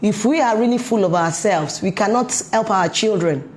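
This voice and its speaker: A woman's voice: medium pitch, normal speed. Emphatic woman giving a parenting talk. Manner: emphatic, asks many rhetorical questions. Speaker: parenting coach.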